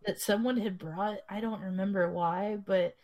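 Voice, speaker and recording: A woman's voice: medium pitch, fairly even intonation, moderate pace, darkish tone. Young woman, podcast co-host, casual chat, rambling, frequent swearing, laughs often.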